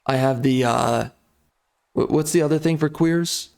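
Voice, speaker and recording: A man's voice: on the high side, measured pace, vocal fry, a little mellow. A man giving casual gameplay commentary, ranting in a mock-outraged, sarcastic way. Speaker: strategy game YouTuber.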